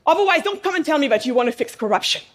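A woman with a high voice speaks to a live audience in a room. She delivers a passionate speech as a business owner, throwing out rhetorical questions and pausing to let points land. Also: expressive. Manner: emphatic, with pauses for effect.

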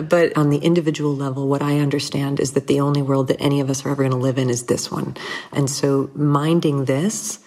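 Low-voiced woman, thoughtful and reflective. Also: steady tone, a little fast. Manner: thoughtful, warm storytelling with frequent restarts and light laughs. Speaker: interview guest. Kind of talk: reflective conversational talk.

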